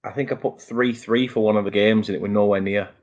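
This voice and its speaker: A man's voice: on the low side, steady tone, fast talker, darkish tone, highs cut off. Man, Northern English accent, football prediction host, jokey banter, laughs often. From Northern England. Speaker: show host. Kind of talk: casual football prediction chat.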